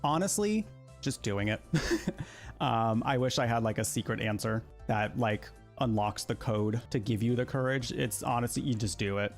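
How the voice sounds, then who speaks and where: A man's voice: mid-range voice, normal speed, soft background music. Giggly man doing reaction commentary. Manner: animated, giggly, jokey asides. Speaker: streamer.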